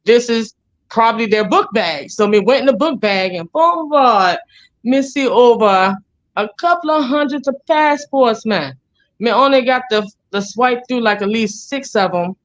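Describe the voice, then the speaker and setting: A woman's voice: a little high, animated, unhurried, muffled recording. A woman with a Jamaican accent telling her story as an interview guest, blunt, profane and rambling.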